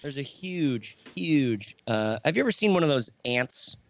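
A man's voice: mid-range voice, expressive, unhurried, gravelly. A man in his thirties talking as a podcast guest, rambling and joking, often breaking off his own sentences. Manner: rambling, joking, self-interrupting. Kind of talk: casual conversation.

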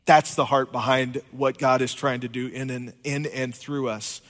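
A man's voice: medium pitch, flat delivery, normal speed, fairly bright tone, long reverb tail. A man preaching a conversational sermon as pastor, joking with his congregation. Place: church sanctuary.

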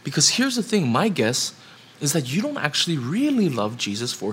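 A man's voice: on the high side, huge pitch swings, normal speed, fairly bright tone, a little hiss or hum. A man preaching a sermon, building up to emphatic rhetorical questions.

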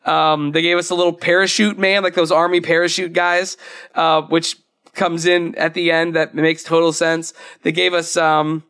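High-voiced chatty young man. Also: flat delivery, moderate pace, pushed and bright, clear, resonant tone. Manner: chatty, rambling, laughs often. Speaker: podcast co-host. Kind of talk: casual chat.

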